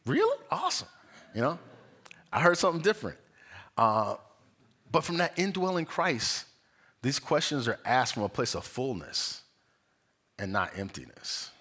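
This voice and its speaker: Young guy preaching, chatty and animated, does the voices in his stories, laughs a lot, middle-pitched voice. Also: measured pace, long pauses. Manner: animated storyteller, acts out quoted voices, laughs often. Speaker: guest speaker at a spiritual center. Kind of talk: conversational sermon. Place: church sanctuary.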